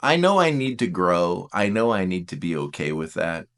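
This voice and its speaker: Animated, lively man teaching personality types. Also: deep voice, moderate pace. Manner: animated, self-deprecating, acts out quotes. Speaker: Enneagram teacher. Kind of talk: casual teaching talk.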